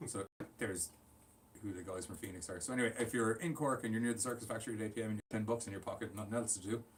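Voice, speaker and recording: Lower-voiced man, joking co-host. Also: racing. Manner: joking, does mock voices, offhand. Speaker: podcast co-host. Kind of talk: casual wrestling chat. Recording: distant mic with faint ambient noise.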